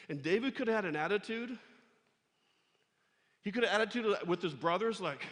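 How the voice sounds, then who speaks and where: A man preaching a lively sermon to students, telling a story and acting out its voices. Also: on the high side, brisk, long pauses, big-room sound. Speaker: pastor. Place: church hall.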